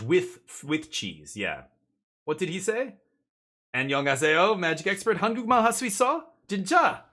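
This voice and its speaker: A man streaming a card game live, chatting excitedly and joking with his chat as he plays. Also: high-pitched, very fast.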